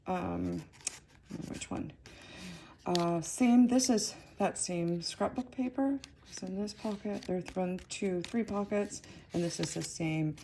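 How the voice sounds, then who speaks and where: A woman talks through a craft journal in an easygoing, rambling way, full of little ums and corrections. Her voice sits fairly low, with a gravelly edge and a mellow, darker tone. Faint clicks and paper handling can be heard behind her. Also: a little hiss or hum. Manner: chatty, rambling, with frequent ums and self-corrections. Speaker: craft video host. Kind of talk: casual craft flip-through narration.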